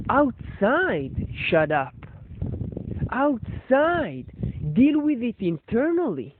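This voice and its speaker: A man's voice: very high-pitched, sing-song, takes it slowly, dry recording. A man, a shop owner and storyteller, giving a meandering reflective monologue full of fillers and restarts. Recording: dry, tinny phone-like sound.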